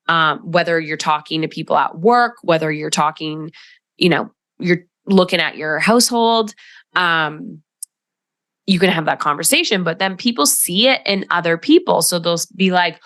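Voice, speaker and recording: A woman's voice: fairly low pitch, moderate pace, a bit bright, no room sound. Emphatic woman podcast host, dry sound. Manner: emphatic, direct, conversational, acts out quoted voices. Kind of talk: solo podcast talk.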